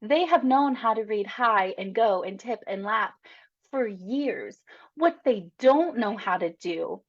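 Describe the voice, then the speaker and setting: A woman's voice: medium pitch, lively intonation, takes it slowly. Chatty woman teacher on a webinar. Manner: chatty and encouraging, tags statements with "right?". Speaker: reading teacher presenting a webinar. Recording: slightly dull lo-fi webinar audio.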